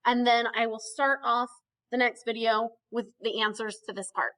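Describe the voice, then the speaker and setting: A woman's voice: on the high side, fairly even intonation, moderate pace, a bit bright. A woman teaching a Spanish grammar lesson in a recorded video, explaining patiently step by step and checking in with frequent okays.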